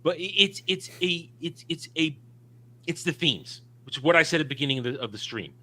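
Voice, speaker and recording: A man's voice: on the high side, animated, fairly quick, pushed and bright. A man co-hosting a casual film discussion, talking emphatically and opinionatedly with frequent restarts. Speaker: podcast co-host.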